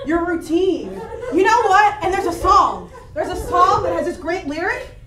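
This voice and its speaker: A woman's voice: very high-pitched, sing-song, normal speed. A woman doing an upbeat cheerleading friend. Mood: encouraging. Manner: upbeat and supportive, laughing along. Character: chatty encouraging woman friend, Sheila. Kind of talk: improv scene acting. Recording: echoey club, distant mic, audience noise.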